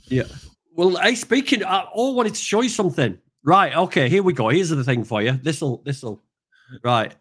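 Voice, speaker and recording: Older grandad rambling and joking. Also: male voice, fairly high pitch, lively intonation, normal speed, fairly bright tone, breathy edge. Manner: rambling, joking, self-deprecating, with many fillers. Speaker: podcast host, truck driver. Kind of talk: casual podcast chat. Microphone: video call.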